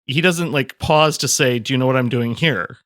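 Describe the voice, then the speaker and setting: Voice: mid-range voice, normal speed, a bit bright, no echo. A podcast co-host making dry, amused comments in casual chat.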